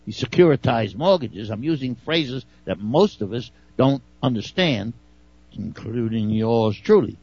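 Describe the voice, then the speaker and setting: A man co-hosting a radio show, rambling through explanations with plenty of fillers. His voice is gravelly and his pitch moves a lot. The sound is dry and a little dull. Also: a little mellow, no echo. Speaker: radio talk show co-host. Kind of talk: casual on-air chat. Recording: dry, slightly dull broadcast audio.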